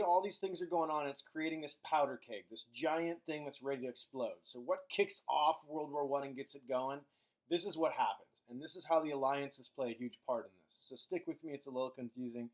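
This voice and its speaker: A middle-aged man giving a recorded history lecture in a casual, joking way. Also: on the high side. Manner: casual, acts out countries in quick silly voices. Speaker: history teacher.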